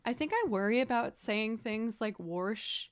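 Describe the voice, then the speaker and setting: A woman's voice: on the high side, lively intonation, a little slow, clear, resonant tone. Chatty woman streamer from Massachusetts. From outside Boston, Massachusetts. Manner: chatty, self-deprecating, reads chat aloud. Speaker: streamer and musician. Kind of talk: casual livestream chat.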